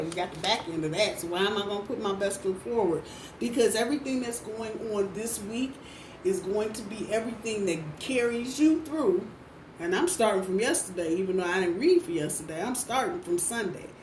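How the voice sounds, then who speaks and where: A woman's voice: mid-range voice, darkish tone. A woman giving a casual tarot reading in a blunt, profane way, repeating phrases for emphasis. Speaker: tarot reader. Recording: roomy, distant mic, faint background noise.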